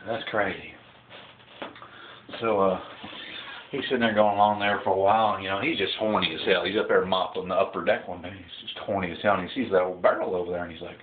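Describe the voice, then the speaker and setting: A man's voice: deep voice, steady tone, fast. A man in his thirties, a comedy vlogger telling crude jokes in a rambling, chuckling way. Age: 30s. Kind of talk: casual joke telling. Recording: tinny phone-like sound with faint hiss.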